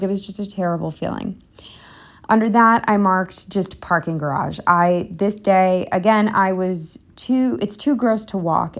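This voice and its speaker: A young woman narrating a planner vlog in a candid, rambling, self-deprecating way, slightly out of breath. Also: on the low side. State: a bit out of breath. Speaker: planner vlogger. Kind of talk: casual voice-over narration.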